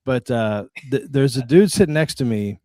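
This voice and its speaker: A man's voice: mid-range voice, expressive, normal speed, dark tone, no echo, studio quality. A man hosting a casual sports podcast and telling stories in a chatty way. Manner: chatty storyteller. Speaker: podcast host.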